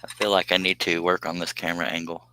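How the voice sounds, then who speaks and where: Deep-voiced man chatting on a stream. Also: little pitch movement, quick pace, pushed and bright, clear, resonant tone, poor audio. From United States. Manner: chatty, laughs often, reads viewer comments aloud. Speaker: woodworking live streamer. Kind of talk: casual live stream chat while working.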